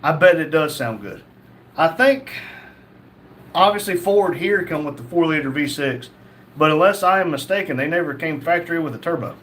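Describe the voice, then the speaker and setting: A man's voice: fairly high pitch, moderate pace, a little hiss or hum. Chatty male livestream host reading comments. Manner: jokey, laughs often, reads messages in a flat quoting tone. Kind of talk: casual chat, reading viewer comments aloud.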